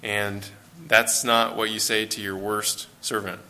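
An American man delivers a sermon to a church congregation. His voice sits fairly low but has a bright, forward edge. He talks in a loose, conversational way, with fillers and restarts. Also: flat delivery, measured pace. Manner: conversational, with fillers and self-corrections. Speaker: preacher.

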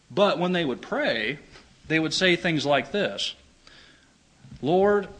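A man's voice: on the high side, fairly bright tone, low-quality recording. A man preaching a sermon, reading scripture aloud and explaining it in an earnest, emphatic way. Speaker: pastor.

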